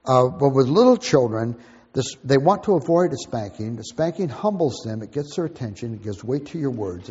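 A man's voice: mid-range voice, mellow, husky. An older man teaching on Christian parenting in a conversational, plain-spoken way. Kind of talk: teaching talk to an audience. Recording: dull lo-fi recording with long hall reverb.

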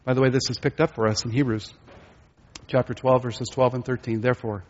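A man's voice: mid-range voice, little pitch movement, a little fast, highs cut off. A male pastor preaching a sermon, asking his listeners rhetorical questions.

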